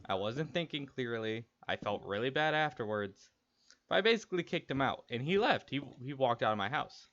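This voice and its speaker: A man's voice: mid-range voice, animated, fairly quick, fairly bright tone. Young man telling a rambling story. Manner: rambling, candid, with frequent restarts. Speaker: streamer. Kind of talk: casual storytelling while gaming. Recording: dull lo-fi stream audio, faint noise.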